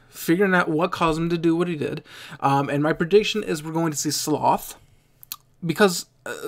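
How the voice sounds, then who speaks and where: A man's voice: medium pitch, creaky. A young man hosting an anime reaction video, chatting casually and rambling, often restarting and correcting himself mid-sentence. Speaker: anime reaction channel host.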